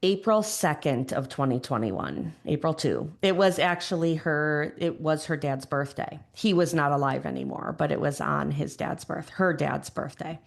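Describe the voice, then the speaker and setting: A middle-aged woman with a Chicago accent talks as a podcast guest. Her voice sits low and carries a gravelly, creaky edge. She speaks thoughtfully, restarting sentences as she searches for the right words. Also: moderate pace, few pauses. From Chicago area, USA. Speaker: podcast guest, grief educator. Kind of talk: reflective conversational interview.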